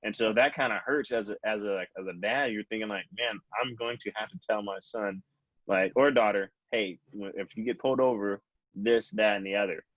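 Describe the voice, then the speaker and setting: A man's voice: on the low side, brisk, fairly bright tone, dry recording, dull audio. A young man hosting a casual podcast chat, talking earnestly and reflectively with frequent restarts. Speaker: podcast host.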